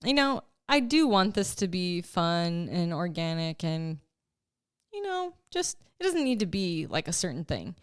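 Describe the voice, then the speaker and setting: Chatty woman with a smooth, lowish voice. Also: very animated, measured pace, no echo, clean studio sound. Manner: chatty and emotional, laughs often, lots of "like". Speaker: life coach. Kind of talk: casual podcast chat.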